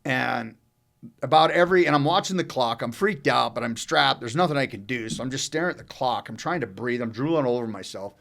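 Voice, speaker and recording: Talking a little fast with vocal fry in a mid-range voice, a middle-aged man spins a long, meandering podcast story. He's loose, animated and profane, cursing frequently as he goes.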